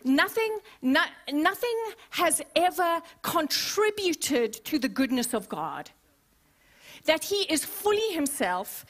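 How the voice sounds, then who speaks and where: A woman pastor preaching a sermon, expressive and playful, with humorous asides to the congregation. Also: sits high. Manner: expressive, acts out scenes.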